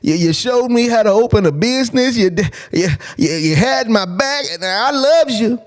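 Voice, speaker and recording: A man voicing a sweet-talking woman who coos and coaxes in a drawn-out way. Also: extremely high pitch, animated, voice pushed up. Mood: coaxing. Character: sweet-talking adult woman, coaxing and affectionate.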